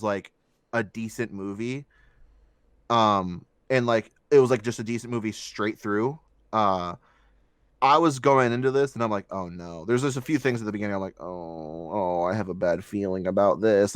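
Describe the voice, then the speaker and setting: A man's voice: mid-range voice, a bit bright, clear, resonant tone, no room sound. Profane ranting man, dry close sound. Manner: profane, ranting, mocking voices in quotes. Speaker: podcast co-host. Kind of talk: casual movie review chat.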